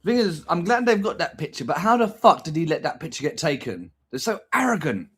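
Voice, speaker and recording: A man's voice: fairly high pitch, very animated, brisk, husky. A man talking in a casual vlog, crude and exaggerated, swearing constantly. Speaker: vlogger. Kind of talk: casual rant and food vlog.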